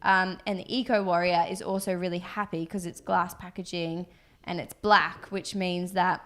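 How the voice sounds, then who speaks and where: Speaking at normal speed, a young adult woman with a low-leaning, level, slightly bright voice co-hosts a podcast. A business co-founder, she chats casually, rambling and using lots of fillers.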